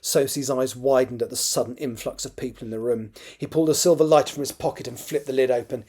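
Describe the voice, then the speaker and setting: A man, the author, reading his own novel draft aloud in a steady storytelling manner and now and then correcting a slip. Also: medium pitch, fast, slightly rough. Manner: steady storytelling read with occasional self-corrections.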